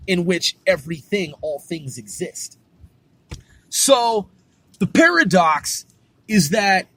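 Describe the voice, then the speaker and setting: A man's voice: fairly high pitch, fairly bright tone, husky. A man delivering a rambling, profane philosophical monologue, firing rhetorical questions at the listener and repeating himself. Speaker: vlogger.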